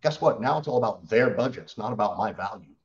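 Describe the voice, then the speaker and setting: Low-voiced man coaching on sales. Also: fast talker, lo-fi sound. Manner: animated storytelling, acts out client quotes. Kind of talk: podcast interview answer.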